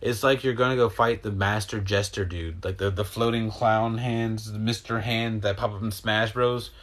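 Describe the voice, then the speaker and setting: A host with a somewhat low, slightly bright voice gives a rambling spiritual monologue at a moderate pace and steady tone. It's a meandering stream of consciousness, drifting between thoughts, freely profane and openly emotional.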